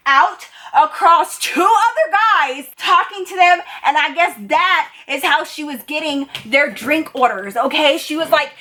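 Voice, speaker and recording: A young woman telling a story to her viewers in a chatty, expressive way, full of slangy asides. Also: high voice, unhurried, few pauses. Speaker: storytime vlogger. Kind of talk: casual storytelling to camera.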